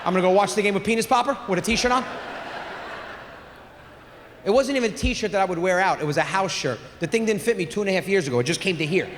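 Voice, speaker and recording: Brash high-voiced stand-up comic man. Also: fast, pauses often, a little hiss or hum. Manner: brash, crude, animated storytelling with shouted punchlines. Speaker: stand-up comedian. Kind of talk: stand-up comedy set. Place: large theater on stage. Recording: live theater recording with long reverb.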